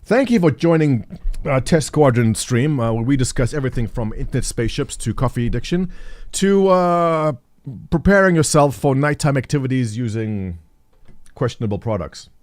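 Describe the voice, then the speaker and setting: At normal speed, a middle-aged livestream host chats with viewers in a mid-range, darkish voice with lively intonation. He's rambling and jokey, thinking aloud and reading the chat as he goes.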